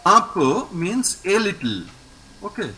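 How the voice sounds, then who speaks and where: A man's voice: high voice, sing-song, measured pace, pushed and bright, low-quality recording. A man teaching a French lesson. He repeats words patiently and praises his student often. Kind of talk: online language lesson with a student.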